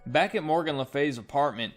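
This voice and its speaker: A man's voice: fairly high pitch, a little fast, soft background music. A man casually recapping a comic book's plot in a chatty, storytelling way, as a reviewer.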